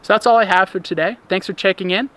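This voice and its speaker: A man giving a daily lesson, explaining ideas calmly with an occasional filler. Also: sits high, fast talker. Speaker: instructor.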